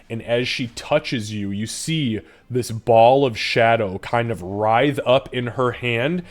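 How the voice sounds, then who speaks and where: A man running a live tabletop game as game master, narrating and swearing freely in an animated way. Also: fairly low pitch.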